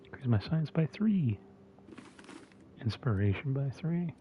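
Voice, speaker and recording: A man streaming a game mumbles and muses, thinking aloud with a mint in his mouth in casual commentary. He has a medium-pitched, very animated voice and talks a little slowly. The recording is muffled, with slight background noise.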